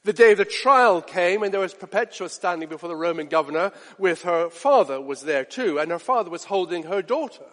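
Male preacher, impassioned sermon, high pitch, swings from loud to hushed, hall reverb. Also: animated, a little fast, few pauses. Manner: passionate, direct questions to listeners, swings from loud to hushed.

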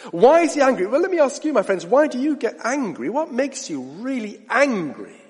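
Male preacher, high animated voice, sermon with rhetorical questions and hushed asides, long hall reverb. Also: normal speed, breathy edge.

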